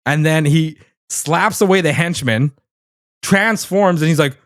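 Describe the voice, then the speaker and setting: A man's voice: a little high, unhurried, a bit bright, no room sound, clean studio sound. A man co-hosting a casual podcast, telling a story with lots of energy, laughing often and swearing casually. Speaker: podcast co-host. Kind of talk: casual chat.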